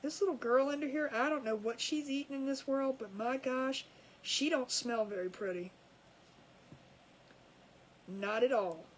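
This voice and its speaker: High-pitched chatty woman crafter. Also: unhurried, pauses often, a little hiss or hum, rough recording. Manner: chatty, laughs at her own jokes. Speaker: crafting livestream host. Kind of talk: casual chat while crafting. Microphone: camera over a crafting table.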